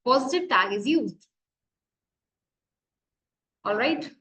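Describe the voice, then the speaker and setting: Slow high-voiced Indian woman lecturing. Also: animated, pushed and bright, poor audio. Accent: Indian English. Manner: explains slowly, asks and answers her own questions. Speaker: college lecturer. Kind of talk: classroom grammar lecture.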